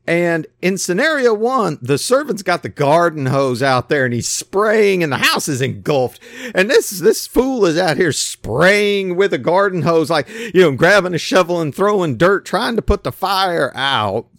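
A man's voice: sits high, big pitch swings, measured pace, a bit bright, no room sound, clean studio sound. A man preaching a casual, folksy sermon who acts out the voices in his stories.

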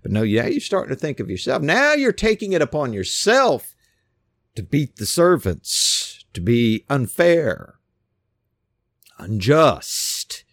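A man preaching an informal sermon, emphatic and animated, with frequent restarts. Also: mid-range voice, slow pace, dry recording, clean studio sound. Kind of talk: casual sermon.

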